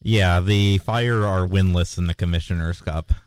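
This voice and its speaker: A man's voice: low voice, steady tone, normal speed, dry recording. A man co-hosting a casual chat in a laid-back, agreeable way, often answering with short "yeah"s. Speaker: podcast co-host.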